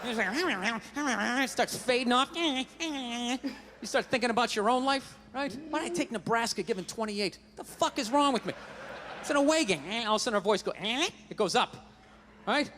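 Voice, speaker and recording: High, sharp-voiced ranting comedian man. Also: animated, normal speed, in a large hall. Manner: profane, ranting delivery. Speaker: stand-up comedian. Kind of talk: stand-up routine.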